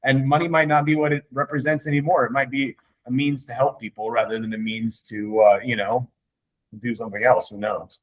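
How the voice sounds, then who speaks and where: A man's voice: medium pitch, little pitch movement, fairly quick, rough recording. A man talking loosely in a casual weekly meeting. He rambles from story to story, swears freely and laughs often. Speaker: meeting participant. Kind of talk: casual group discussion.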